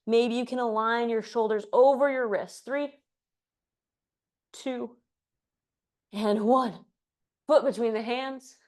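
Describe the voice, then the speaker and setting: Woman, yoga instructor, slightly high voice, out of breath, breath-timed cues, chatty asides. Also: steady tone, slow, long pauses, darkish tone. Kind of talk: cueing a live yoga class.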